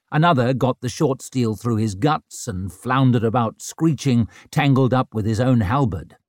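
A male audiobook narrator with a mid-pitched voice whose pitch rises and falls freely. He tells the story with dramatic flair. The recording is dry and close, with no room sound. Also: a little mellow, no room sound. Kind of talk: scripted narration.

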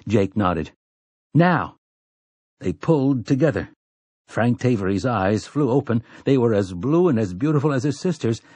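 A man reading a novel aloud as an audiobook narrator in measured storytelling. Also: lowish voice, darkish tone, breathy edge, no room sound. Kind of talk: scripted narration.

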